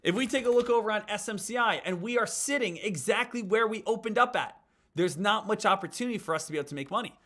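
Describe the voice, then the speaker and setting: A man hosting a live stock trading stream, talking energetically and directly to his viewers. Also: sits high. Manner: energetic, talks straight to viewers as "guys".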